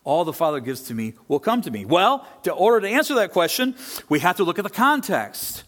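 Animated male preacher with rhetorical questions. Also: sits high, fairly quick. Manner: animated, rising and falling delivery. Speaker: pastor. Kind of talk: sermon.

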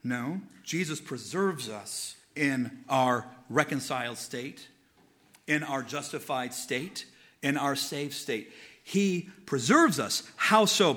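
A male pastor preaching a sermon with passion. He climbs to fervent, emphatic peaks and then sinks into low, earnest stretches. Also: pushed and bright.

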